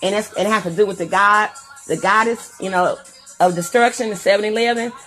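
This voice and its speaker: A woman's voice: medium pitch, steady tone, fairly quick, a bit bright. Crude, rambling woman vlogger. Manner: crude, rambling, joking, singing along to music. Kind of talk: casual live-stream chat.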